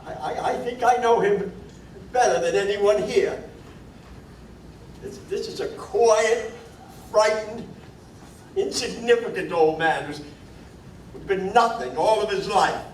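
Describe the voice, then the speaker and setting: An actor playing a gentle, hesitant older male juror who stammers, in a 1950s film drama. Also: high voice. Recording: roomy film soundtrack, distant, faint hiss.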